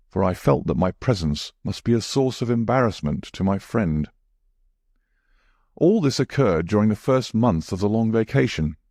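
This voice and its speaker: A man reading a classic mystery story as measured audiobook narration. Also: on the low side, dark tone, no room sound, clean studio sound.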